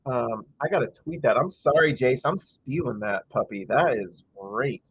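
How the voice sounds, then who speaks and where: Husky-voiced man ranting on a stream. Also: mid-range voice, animated, measured pace, a bit bright, no echo, lo-fi sound. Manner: chatty, reads viewer comments aloud, rants in bursts. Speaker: livestream host. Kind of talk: casual live game-watch commentary.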